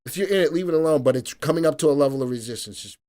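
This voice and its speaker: A middle-aged man hosting a live stock market stream, chatting energetically and playfully with viewers, even breaking into song. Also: on the high side, racing. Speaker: stock market analyst host.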